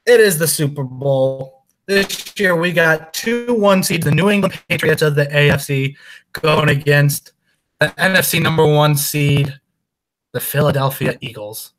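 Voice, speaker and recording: Joking male sports podcast host. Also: on the high side. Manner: animated, joking, quick to laugh. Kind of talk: casual sports chat.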